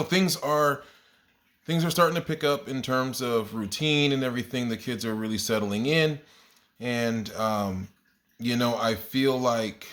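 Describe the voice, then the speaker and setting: This kindergarten teacher has a slightly bright, medium-pitched voice. In his casual video diary he rambles through stories about his class, often correcting himself and chuckling at his own anecdotes.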